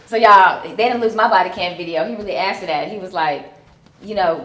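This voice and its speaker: A woman's voice: mid-range voice, brisk, long pauses, fairly bright tone. A woman in her forties from Chicago doing stand-up, chatty and self-mocking with many ums. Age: 40s. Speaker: stand-up comedian. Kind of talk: stand-up comedy. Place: comedy club on stage. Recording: echoey club room.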